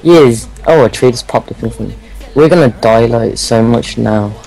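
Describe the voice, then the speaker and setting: A man's voice: mid-range voice, moderate pace, gravelly, warm tone, faint music behind, poor audio. A young man playing a game with a friend, teasing him dryly and grumbling about dying. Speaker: co-player. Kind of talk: casual gameplay chat.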